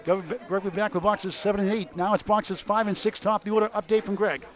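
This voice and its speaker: A man with a New England accent giving brisk score updates and play-by-play for a bowling match in a bowling alley. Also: high-pitched, fairly even intonation. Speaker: bowling commentator. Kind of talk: live sports commentary.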